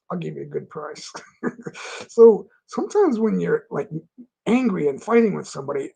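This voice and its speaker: A man's voice: on the high side, gravelly, dark tone, husky. A middle-aged man hosting a casual livestream, rambling through stories with frequent restarts and laughing at his own anecdotes. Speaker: livestream host. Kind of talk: casual chat reading out viewer comments.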